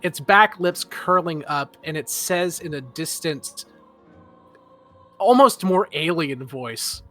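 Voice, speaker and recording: A man narrating a tabletop game as game master, relaxed with frequent filler pauses. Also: on the high side, faint music behind.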